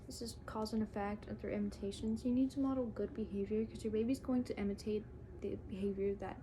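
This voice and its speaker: A woman's voice: mid-range voice, steady tone, fast talker. A young adult woman giving a class presentation, reading from her notes in a casual, plain way. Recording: clear background noise.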